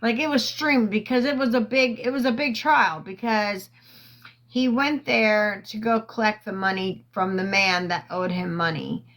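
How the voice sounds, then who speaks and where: A woman talks into her phone on a casual livestream, drawling her way through a long story at an unhurried, lazy pace. Her pitch sits in an ordinary middle range. She rambles and stalls on fillers, and she swears freely. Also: fairly even intonation, fairly bright tone, low-quality recording. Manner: rambling, halting with many fillers, profane. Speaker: livestream host.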